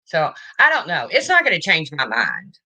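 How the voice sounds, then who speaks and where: A woman's voice: sits low, wildly swooping pitch, moderate pace, sharp tone. A woman hosting a casual livestream, chatting and answering viewer comments as they come in. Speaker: livestream host.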